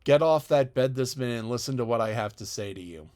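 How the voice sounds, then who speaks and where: A man's voice: mid-range voice, animated, darkish tone, natural voice. A man voicing a stern middle-aged woman guardian in an audiobook, speaking dryly and with severity. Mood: scolding. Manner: dry, severe, measured. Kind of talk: audiobook character voice.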